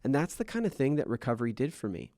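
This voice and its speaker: A man's voice: mid-range voice, sing-song, fast talker, dark tone, no room sound, clean studio sound. A man in his thirties hosting a podcast, telling personal stories openly with many fillers. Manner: open, self-revealing storyteller with frequent fillers. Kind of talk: candid podcast conversation.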